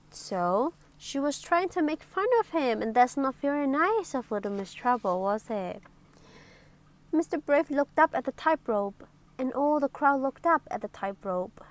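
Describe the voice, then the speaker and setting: A woman reading a children's storybook aloud in an expressive, playful way. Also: high-pitched. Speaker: story reader.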